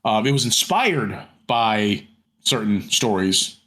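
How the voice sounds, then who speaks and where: A man's voice: fairly low pitch, sing-song, takes it slowly, fairly bright tone. A man co-hosting a podcast in casual chat, rambling with many fillers and restarts and some casual swearing. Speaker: podcast co-host.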